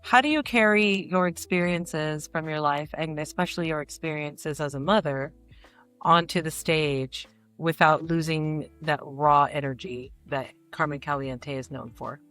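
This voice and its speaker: A woman's voice: low voice, a little slow, fairly bright tone, faint music behind. A woman hosting an interview, asking thoughtful questions and listening attentively. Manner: attentive, brief affirmations. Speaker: podcast host, interviewer.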